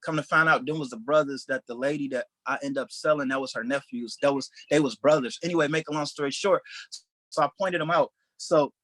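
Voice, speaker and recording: Fast-talking man. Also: fairly high pitch, no room sound. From Detroit, USA. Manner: animated, acts out quoted voices. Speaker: stand-up comedian. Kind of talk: storytelling anecdote.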